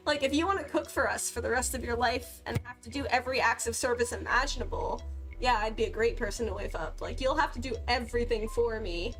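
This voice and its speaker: A woman's voice: fairly high pitch, fairly quick, soft background music. A young woman chatting casually on a livestream, bubbly and giggly, laughing often between lines. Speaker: cosplay livestreamer.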